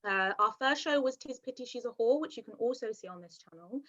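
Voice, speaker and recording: Young woman doing a posh voice, bright high tone, giggly, dull video call sound. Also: animated, a little fast. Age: 20s. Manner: put-on posh voice; giggly, upbeat. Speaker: host introducing the cast. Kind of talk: casual chat.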